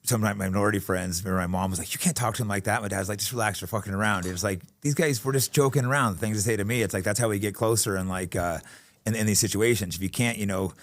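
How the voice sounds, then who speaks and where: Male podcast host, earnest, low voice, rapid delivery. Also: steady tone, no echo. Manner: earnest, frequent backchannel agreement. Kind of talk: casual podcast chat. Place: podcast studio.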